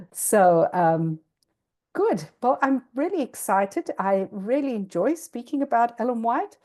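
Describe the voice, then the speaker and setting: A middle-aged South African woman presenting slowly over a video call, her voice warm and mellow. She often pauses with ums and restarts her sentences. The delivery is informal and unhurried. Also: on the high side, very animated. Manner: hesitant, lots of ums and restarts. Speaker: guest speaker. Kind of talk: informal presentation to an interpreted audience.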